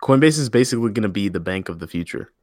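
A man's voice: fairly low pitch, lively intonation, very fast, dry recording, clean studio sound. A man co-hosting a podcast in casual chat, joking and swearing as he riffs on news. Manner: jokey, profane, reads news quotes aloud. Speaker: podcast co-host.

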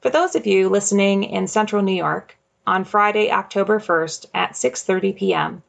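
A woman hosting a faith podcast, reading her script in a measured, gentle way. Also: medium pitch, gravelly. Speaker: podcast host.

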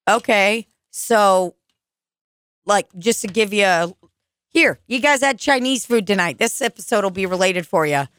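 A woman's voice: mid-range voice, expressive, unhurried, fairly bright tone, no room sound, studio quality. A young woman hosting a podcast, chatting casually, swearing often and laughing as she rambles through stories. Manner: profane, laughing, rambling storyteller. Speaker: podcast host.

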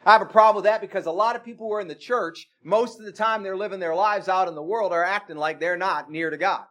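Earnest high-voiced preacher. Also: male voice, fast talker, a bit bright. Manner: plain-spoken, earnest, asks pointed questions. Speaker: pastor. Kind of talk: sermon. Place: church.

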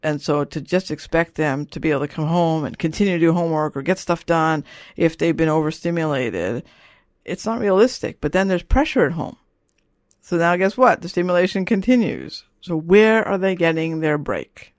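A woman's voice: low voice, lively intonation, normal speed, a little mellow, dry recording, studio quality. A middle-aged woman, an author and parent, talking casually in an interview with a rambling manner that keeps checking in with "you know" and "right?".

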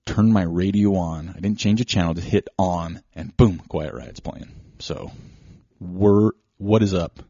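A middle-aged man hosting a podcast, telling a story in a rambling, excitable way. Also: low voice, a little slow, no room sound, lo-fi sound. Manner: rambling, excitable, strings events together with "so". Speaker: podcast host. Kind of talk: casual storytelling monologue.

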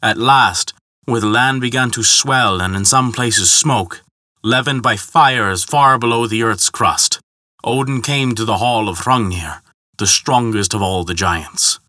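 A man narrating a myth in a measured, dramatic storytelling manner. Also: lowish voice, bright, forceful tone, dry recording, clean studio sound. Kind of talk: scripted mythology narration.

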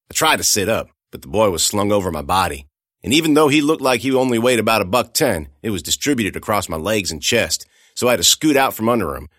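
Male storyteller, dramatic first-person horror narration, bright tone, dry close sound. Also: lowish voice, no room sound. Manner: expressive, shouting out the dialogue, hushed for quiet moments.

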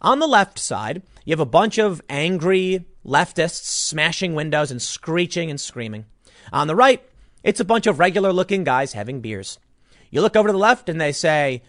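In a clean studio recording with no room sound, a man delivers an opinionated political monologue, combative and sarcastic, often restarting sentences mid-argument. His voice is fairly high and fairly bright, expressive, and a little fast.

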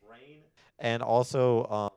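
A young man chatting casually as a podcast co-host, telling animated stories with lots of fillers. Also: mid-range voice, slow, clear, resonant tone, no echo. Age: young adult. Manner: animated storytelling with many fillers. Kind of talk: casual chat.

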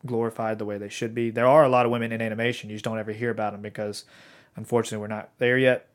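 A man in his thirties co-hosting a podcast, chatting casually and rambling with lots of fillers and restarts. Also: mid-range voice. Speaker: podcast co-host.

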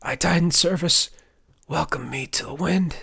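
A man's voice: a little high, fairly even intonation, a little fast, darkish tone, voice pushed up, lightly acted. A man voicing a young man on the run who is panicked and hurt, calling out with breathless urgency. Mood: faint.

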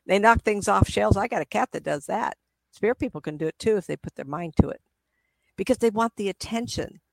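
A woman's voice: mid-range voice, no echo. A middle-aged woman, a psychic medium, chatting in an interview and acting out spirits with gasps and laughs. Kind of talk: casual interview talk.

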